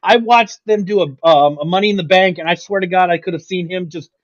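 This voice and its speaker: A man co-hosting a casual sports talk stream, excitable, laughing often and swearing casually. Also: high voice, brisk, highs cut off. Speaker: co-host.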